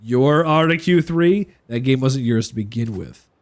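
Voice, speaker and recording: A man voicing a stern, tough male brawler hero in a video game, speaking gruffly and firmly. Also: mid-range voice, animated, a little slow, pitched below the performer's own voice. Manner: gruff, firm, threatening.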